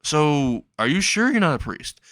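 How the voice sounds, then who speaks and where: A man's voice: a little high, big pitch swings, moderate pace, a bit bright, no room sound, pitched above the performer's own voice. A man voicing a jumpy, sarcastic teenage boy training to be a hero, blurting and stammering his retorts. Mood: mocking.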